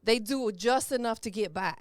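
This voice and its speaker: A woman's voice: fairly high pitch, moderate pace, no room sound, studio quality. A woman hosting a podcast interview, chatty and encouraging. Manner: chatty, encouraging, uses lots of "you know what I'm saying". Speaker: podcast host. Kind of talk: casual interview chat.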